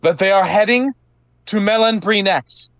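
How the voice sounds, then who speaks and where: A man's voice: sits high, unhurried, fairly bright tone, dry recording, voice pushed up. A man voicing a defiant young woman knight. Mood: rousing. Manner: rousing speech, raised proclaiming voice.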